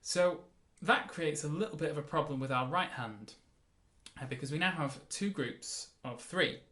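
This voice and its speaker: A man teaching a mandolin lesson, explaining in a relaxed way and counting the beats aloud. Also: a little high, moderate pace. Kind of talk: casual music lesson. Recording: roomy sound with mandolin playing.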